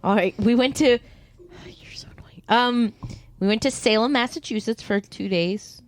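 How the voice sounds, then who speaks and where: Podcast co-host, female, playful and impatient, quick to laugh. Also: on the high side. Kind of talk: casual chat.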